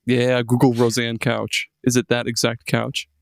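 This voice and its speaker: A man's voice: mid-range voice, completely flat delivery, measured pace, vocal fry. A tipsy man co-hosting a podcast in loose, casual chat, full of fillers and swearing. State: intoxicated. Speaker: podcast co-host.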